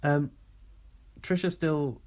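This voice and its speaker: A man's voice: on the high side, steady tone, takes it slowly, darkish tone. A man co-hosting a podcast, chatting casually, rambling through recaps and laughing often. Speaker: podcast co-host. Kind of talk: casual chat.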